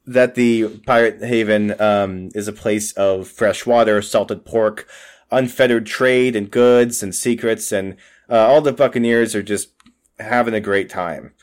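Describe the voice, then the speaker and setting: A man's voice: lowish voice, unhurried. Casual male game master, loose rambling delivery, pirate campaign narration. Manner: relaxed, rambling narration with fillers and laughs.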